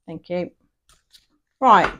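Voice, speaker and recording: A woman's voice: extremely slow, sharp tone, dull audio, slight background noise. A woman giving a casual tarot reading, chatty and rambling, often checking in with "yeah?". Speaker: tarot reader.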